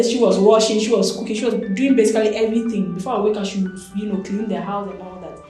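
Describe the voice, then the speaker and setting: Young Ghanaian woman, candid personal storytelling, animated delivery, very roomy echo, faint music underneath. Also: medium pitch, fast, hardly any pauses. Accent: Ghanaian English. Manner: animated, expressive storytelling with many fillers. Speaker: interview guest.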